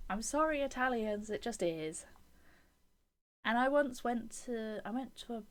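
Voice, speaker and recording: Streaming a game, a woman reads its text aloud and chats with viewers between passages, opinionated and chatty, with soft whispered asides and little giggles. Her voice is fairly high and expressive, at a normal speed.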